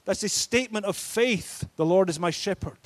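Emphatic preacher man, slightly high voice. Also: normal speed. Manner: emphatic, declaring, rising and falling in force. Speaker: pastor. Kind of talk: sermon.

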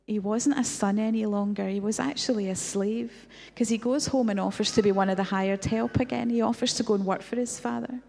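Woman preaching, thoughtful storytelling, warm dark voice, big echoey hall. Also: mid-range voice, creaky. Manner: reflective, storytelling, rhetorical questions. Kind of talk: sermon. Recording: long hall reverb.

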